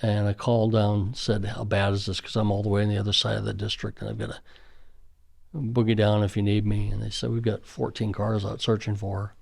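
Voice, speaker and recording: A man's voice: fairly low pitch, little pitch movement, fairly quick, gravelly, darkish tone. A middle-aged man, a school safety official, earnestly reminiscing in conversational storytelling with frequent fillers.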